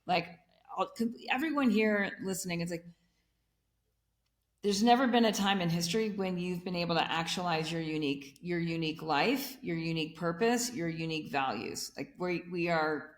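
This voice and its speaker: A woman's voice: lowish voice, moderate pace. A woman in a conversational interview who explains energetically and builds her points in repeated lists. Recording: echoey room.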